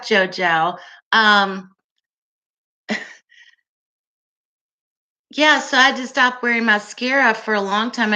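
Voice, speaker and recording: Her medium-pitched voice comes across pushed and bright as she runs a relaxed livestream, laughing a lot, talking with viewers and answering what they comment.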